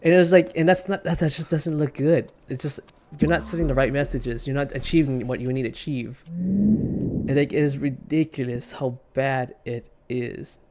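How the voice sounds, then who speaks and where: Male streamer, mid pitch, blunt off-the-cuff gaming chatter with lots of stumbles. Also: normal speed, a little mellow. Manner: rambling, stammering restarts and repeated words; blunt, swears casually. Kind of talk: casual commentary while gaming.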